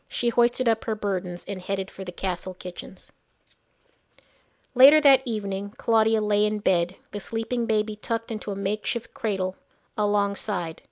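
A woman narrating a fantasy story in a measured storytelling manner. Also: mid-range voice, a little mellow.

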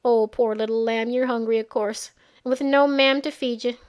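A woman's voice: on the high side, steady tone, moderate pace, a little mellow, close to an everyday voice. A woman voicing an old female midwife, tender and motherly, with homely, rustic speech. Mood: brisk, motherly.

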